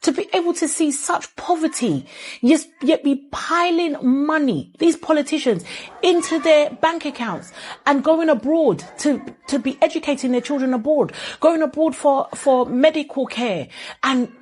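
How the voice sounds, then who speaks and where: A woman's voice: high voice, expressive, measured pace, darkish tone. A woman with a Ghanaian accent giving impassioned, indignant commentary full of rhetorical questions. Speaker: health video creator.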